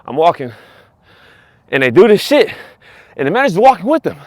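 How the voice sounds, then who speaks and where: Fast-talking, profane man ranting. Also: sits high, dry recording, studio quality. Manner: profane, animated, repeats himself. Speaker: vlogger. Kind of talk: casual storytelling rant.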